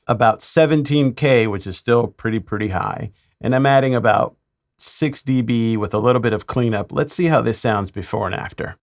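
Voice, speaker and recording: A man, a mix engineer, talking through a mixing tutorial in a relaxed way with playful asides. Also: medium pitch.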